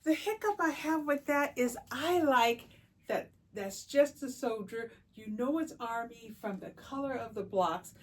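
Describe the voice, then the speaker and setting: A woman's voice: a little high, measured pace. A middle-aged woman talking casually as she works on a quilt, thinking aloud and laughing often. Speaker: quilting vlogger. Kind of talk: casual talk while working.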